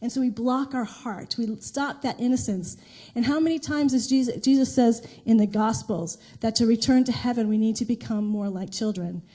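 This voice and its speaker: A middle-aged woman minister preaches in a loose, conversational way, telling stories with restarts and the odd soft laugh. Her voice sits a little high, with a mellow, warm tone. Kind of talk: sermon. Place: church sanctuary.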